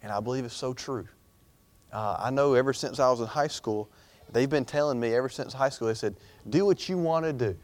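A man's voice: medium pitch, fairly quick, a little mellow. A young man preaching an informal sermon in a chatty, rambling way, full of fillers and restarts.

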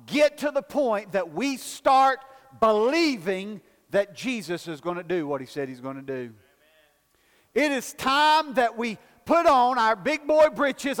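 A man preaching a folksy sermon, building to shouted emphasis and calling for amens in a church. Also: high-pitched, in a large hall. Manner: folksy, rising to shouted emphasis, calls for amen.

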